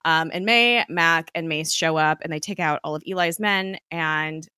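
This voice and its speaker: A woman casually recapping a TV episode in a chatty, rambling way, full of fillers and quick laughs. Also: low voice, bright, forceful tone, clear, resonant tone, no echo. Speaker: podcast host recapping a TV episode.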